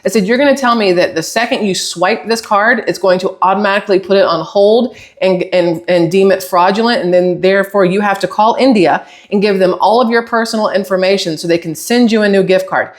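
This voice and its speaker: A woman tells a story to her channel in a loose, casual monologue. She sounds exasperated and animated, and she plays out both sides of the conversation in her retelling. Her voice sits at an ordinary middle pitch. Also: a little fast, few pauses. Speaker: channel host.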